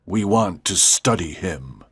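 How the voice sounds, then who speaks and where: A man plays a commanding alien leader who barks urgent orders from a video screen in a storybook audio drama. His voice is husky and rough-edged, and the sound is close and dry. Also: low-pitched, animated, takes it slowly, fairly bright tone, dry recording, exaggerated voice. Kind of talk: graded-reader audiobook drama.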